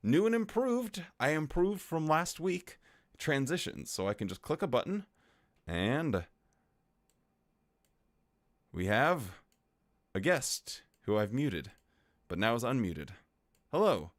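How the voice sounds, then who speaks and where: A man chats casually on his livestream, reading out viewer greetings with a playful, lively voice. The sound is close and dry, with no room echo. His pitch swings up and down as he talks. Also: takes it slowly, pauses often. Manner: playful and chatty, greets chat viewers one by one. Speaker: livestream host. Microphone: desktop microphone.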